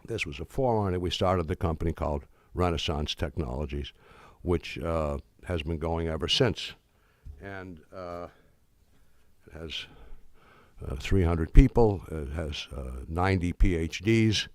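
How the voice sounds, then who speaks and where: Older guy telling a story at a talk, lots of restarts, kinda low voice, dry sound. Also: no room sound. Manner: halting, many restarts and fillers, wry storytelling. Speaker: speaker giving a talk. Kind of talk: anecdotal talk to an audience.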